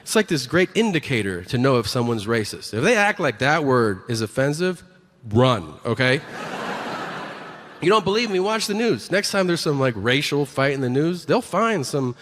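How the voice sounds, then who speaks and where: A man's voice: medium pitch, big pitch swings, moderate pace, fairly bright tone, long reverb tail. A man performing a stand-up comedy set with sarcastic, mock-boastful, profane punchlines.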